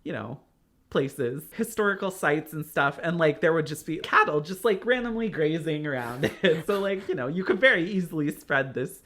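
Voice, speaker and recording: A man's voice: on the high side, lively intonation, moderate pace, fairly bright tone. A man co-hosting a podcast in casual chat, telling rambling, self-deprecating stories and laughing often between phrases. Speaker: podcast co-host.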